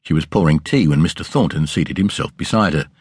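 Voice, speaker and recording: A man narrating an audiobook in a measured, expressive storytelling manner with a husky voice. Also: very deep voice, no echo. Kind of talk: scripted narration. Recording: dry close studio sound.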